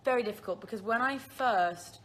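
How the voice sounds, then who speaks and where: A woman's voice: a little high, fairly quick, a bit bright. A woman in her twenties with a British accent, chatting casually on a phone livestream, answering viewer questions and laughing often at herself. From Isle of Man.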